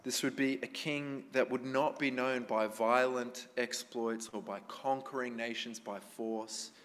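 A man's voice: medium pitch, fairly even intonation, unhurried, fairly bright tone. A man preaching a sermon to a congregation in a conversational way, often asking them questions. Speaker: pastor. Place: church hall with congregation. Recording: long hall reverb.

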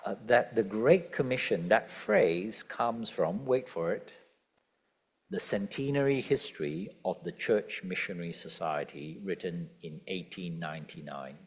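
Lively low-voiced male preacher. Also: unhurried. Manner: lively, questioning the congregation, emphatic quotes. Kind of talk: sermon. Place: church.

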